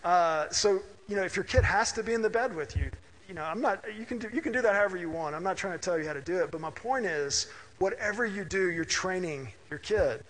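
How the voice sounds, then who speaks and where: Pastor, middle-aged man, high voice, conversational sermon in a reverberant church hall. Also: brisk, a bit bright. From Mississippi. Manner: conversational, anecdotal, asks listeners "right?".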